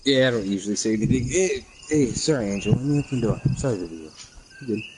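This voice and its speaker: A man's voice: mid-range voice, lively intonation, quick pace, noisy background. A man streaming a game, telling a heated story in casual chat full of swearing.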